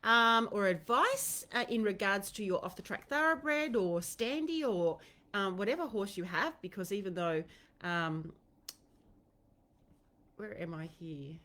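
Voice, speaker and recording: A woman's voice: medium pitch, sing-song, a little slow, sharp tone. An Australian woman hosting a live online Q&A, talking casually and rambling, with many fillers and restarts. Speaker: host of a horse-training Q&A livestream. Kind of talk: casual livestream chat.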